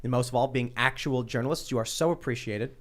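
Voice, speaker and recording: A man's voice: medium pitch, quick pace. A man hosting a casual talk show, reading viewer comments aloud with hesitant fillers. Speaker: show host.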